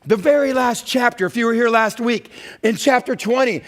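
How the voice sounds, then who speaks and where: A man's voice: very high voice, lively intonation, normal speed. A middle-aged male pastor preaching a sermon, telling the story with energy and acting out the people's complaints in exaggerated voices.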